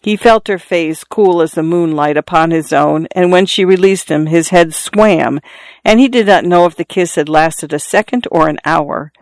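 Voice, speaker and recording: Measured audiobook narrator, dry sound. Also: mid-range voice, dry recording. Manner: measured, even storytelling. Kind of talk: audiobook reading.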